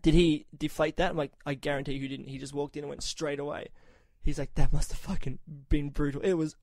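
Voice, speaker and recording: On the high side and fast-talking, a male podcast host is recorded with no echo. He tells a lengthy, profane anecdote in casual chat, performing the other people's voices with animation.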